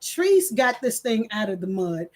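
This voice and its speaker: An older woman, hosting her channel in casual chat, reading comments and telling animated stories with quoted voices. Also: fairly high pitch, measured pace. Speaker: channel host.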